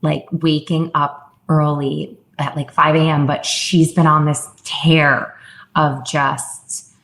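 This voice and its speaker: A woman's voice: low-pitched, level tone, slow pace, fairly bright tone. A woman in her thirties, a guest talking openly and reflectively in an interview, often quoting herself. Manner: open, reflective, quotes herself in raised voice. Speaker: guest, fitness founder. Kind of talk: candid interview conversation.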